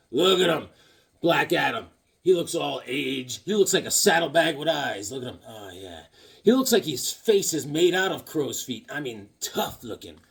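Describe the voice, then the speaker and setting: Male comic vlogger, high and lively voice, joking and rambling. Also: slightly rough. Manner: joking, rambling, animated riffing. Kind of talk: comedic casual monologue.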